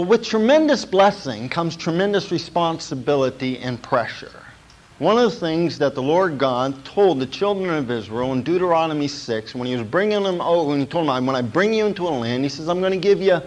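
A pastor preaching a sermon in a small church. His voice sits a little high for a man. He checks in with the congregation with an "okay?" before driving his main points home with emphasis. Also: lively intonation, moderate pace, poor audio. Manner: preaching with repeated "okay?" check-ins and emphatic build-ups.

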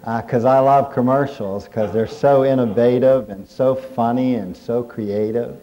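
A middle-aged male preacher with a warm, mellow voice. He delivers his sermon in a folksy storytelling way, working jokes in as he goes. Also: medium pitch, steady tone, a little slow, muffled recording. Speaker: pastor. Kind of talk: humorous sermon.

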